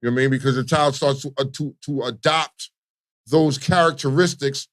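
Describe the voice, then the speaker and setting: A man's voice: mid-range voice, fairly even intonation, brisk, fairly bright tone. A Baltimore man co-hosting a morning radio show, chatting casually and profanely, often asking "you know what I mean.". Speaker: radio co-host.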